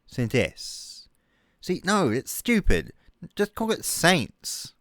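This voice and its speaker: A man's voice: sits high, sing-song, takes it slowly, fairly bright tone, no room sound. A man ranting comically over a map, mocking and exasperated, swearing a lot. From New Zealand. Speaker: comedic youtuber. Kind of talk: comedic rant over a map.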